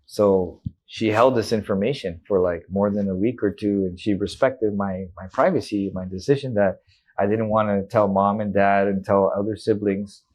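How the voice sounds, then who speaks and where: A man's voice: on the low side, steady tone, normal speed, a little mellow. A man in his thirties, a guest in an interview, candidly retelling a personal story with emotion and quoted dialogue.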